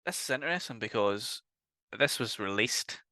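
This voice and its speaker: A man's voice: mid-range voice, animated, moderate pace, sharp tone, no echo. A man with a Northern Irish accent, co-hosting a casual horror podcast, easygoing and laughing as he talks. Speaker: podcast co-host. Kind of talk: casual chat.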